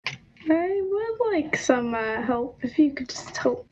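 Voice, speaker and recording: A woman playing a tabletop game, hesitant and soft-spoken. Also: high voice, very animated, slow. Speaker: player. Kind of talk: casual tabletop play. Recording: dull lo-fi mic.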